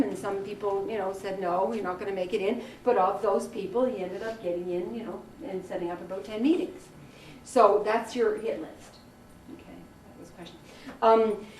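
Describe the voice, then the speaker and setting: A woman leading a career workshop for a group, telling anecdotes in a chatty, animated way. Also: fairly high pitch, a little hiss or hum. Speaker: workshop leader. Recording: echoey room from far off, faint ambience.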